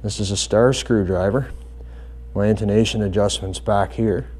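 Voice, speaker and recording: Calm, dark-voiced man teaching bass setup. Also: moderate pace. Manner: calm, methodical, step-by-step. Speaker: bass guitar instructor. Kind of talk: hands-on tutorial explanation.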